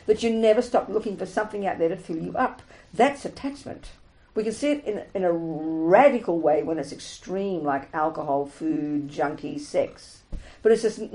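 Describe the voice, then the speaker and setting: A woman's voice: medium pitch, darkish tone, rough recording. A woman giving a frank, emphatic Buddhist teaching talk, repeating her points and laughing often. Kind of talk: dharma talk to students.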